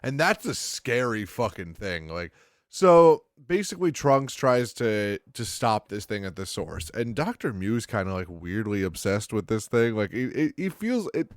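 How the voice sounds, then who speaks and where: A young man co-hosting a casual chat, excitable and swearing, acting out characters' lines as he recaps. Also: on the low side, measured pace, no echo, clean studio sound. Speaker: podcast co-host.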